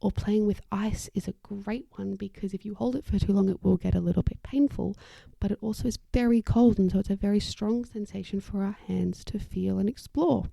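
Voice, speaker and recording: Hosting an occupational therapy podcast, a woman explains ideas in a warm, casual and chatty way, briefly acting out the voices of people she quotes. Her voice is mid-range and creaky, fairly quick, with no echo.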